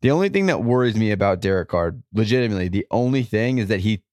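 Low-pitched male co-host, emphatic and confident, dry close mic. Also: expressive, fast talker, a little mellow, no room sound. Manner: confident, emphatic, talks in long runs. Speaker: podcast co-host. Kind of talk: casual fan podcast chat.

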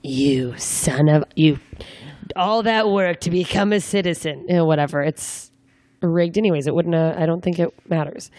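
A young woman hosts a loose interview, asking rambling questions and tossing in jokes as she goes. Her voice sits a little low for a woman, and the dry recording carries no room echo. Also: normal speed, a little mellow. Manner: chatty, rambling, joking questions with fillers. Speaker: interviewer, comedian. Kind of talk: casual interview chat.

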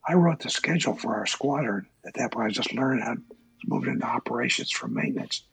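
An older man, a former Navy officer, recounting his past in a halting interview with many fillers. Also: mid-range voice, wildly swooping pitch, creaky, fairly bright tone, slightly rough, no echo, poor audio. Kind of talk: oral history interview.

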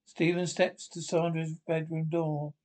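Male reader, somewhat high voice, reads radio-script stage directions aloud with halting restarts. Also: little pitch movement, darkish tone.

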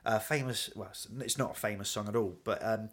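A man's voice: fairly low pitch, brisk. Chatty man telling stories. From England. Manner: animated, chatty storyteller with frequent laughs. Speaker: guest. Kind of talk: casual storytelling chat.

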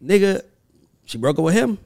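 A man's voice: sing-song, normal speed, creaky, dark tone, no echo, studio quality. A man with a Southern accent from the American South, co-hosting a podcast in casual, emphatic chat. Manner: emphatic, storytelling, swings between low and high. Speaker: podcast co-host.

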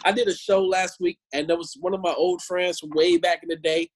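A man tells stories in casual conversation with a raised, husky voice. He is animated and often repeats words as he goes. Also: high-pitched, brisk. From born in Chicago, raised in Omaha. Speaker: Christian musician and street preacher. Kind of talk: casual podcast chat.

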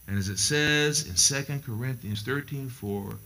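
Male pastor, middle-aged, bright voice, emphatic repetitive sermon. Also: mid-range voice, normal speed, few pauses. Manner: emphatic, repetitive storytelling preacher.

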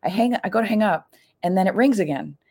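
A woman's voice: lively intonation, fast, darkish tone, breathy edge. A middle-aged woman telling a personal story in a chatty, casual way, full of fillers and acting out what people said. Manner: chatty, full of "like" fillers, acts out quoted lines with big pitch jumps.

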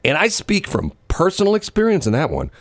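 On air, this middle-aged radio co-host engages in casual banter, rambling, joking and frequently repeating himself as he spins stories. His voice is a little high and brisk, with wildly swooping pitch, recorded with no room sound.

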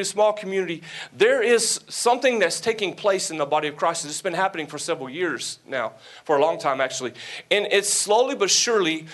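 A Southern American man preaching a sermon to a church congregation. His voice sits a little high for a man, and he mixes folksy joking asides with emphatic preaching. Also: fairly bright tone. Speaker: guest pastor. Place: church sanctuary before a congregation.

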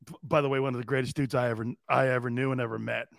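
A man hosting a football talk show in an animated, rambling storytelling manner. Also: medium pitch, racing, creaky, dry recording, studio quality. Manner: loud, rambling storyteller with frequent laughs. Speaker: host.

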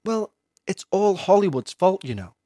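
A man playing a sceptical priest who speaks in a calm, sarcastic, condescending way. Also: high voice, normal speed, no room sound, pitched above the performer's own voice. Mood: soothing. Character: sceptical, patronizing middle-aged male priest.

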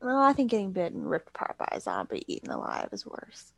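A woman's voice: fairly low pitch, huge pitch swings, a little fast, gravelly, fairly bright tone, dry recording. A woman co-hosting a casual chat, teasing her friend and laughing often. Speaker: podcast co-host.

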